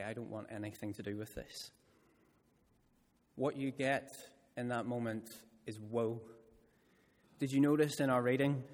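A male preacher with a mid-range voice delivers his sermon with storyteller's expression. He leans into important phrases by drawing them out slowly. His voice rings out with a long reverb tail through a church hall. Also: medium pitch.

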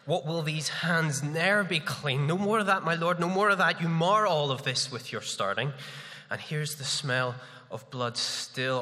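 A man with a head cold reciting the lines of a guilt-tormented sleepwalking noblewoman, slow and halting in a dramatic reading. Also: mid-range voice, sharp tone, natural voice. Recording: long reverb of a large hall.

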